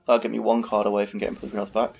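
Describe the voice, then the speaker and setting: A man's voice: on the low side, monotone, very fast, gravelly, a little mellow, slight background noise. A man casually commentating on his own card game, muttering and swearing when annoyed. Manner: swearing, exasperated ranting. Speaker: gaming video host. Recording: dull lo-fi recording.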